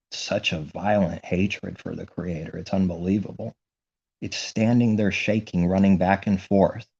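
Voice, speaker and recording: A low, gravelly man preaches in an indignant, repetitive monologue. His voice is dark and husky, and the recording sounds dull and lo-fi. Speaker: religious commentator. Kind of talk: impassioned religious monologue.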